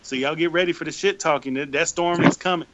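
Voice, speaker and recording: Man, football fan, brash, trash-talking, slightly high voice. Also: fast talker, highs cut off, very noisy. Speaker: guest fan channel host. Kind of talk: casual sports talk stream.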